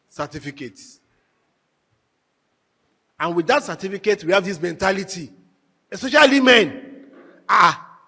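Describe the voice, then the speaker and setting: A man with a high voice lectures a marriage workshop, telling stories and driving his points home by repeating them. His voice rings through a large hall with a long, trailing echo. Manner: animated storyteller, emphatic repetition. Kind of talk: lecture to a live audience. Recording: echoey hall with long reverb.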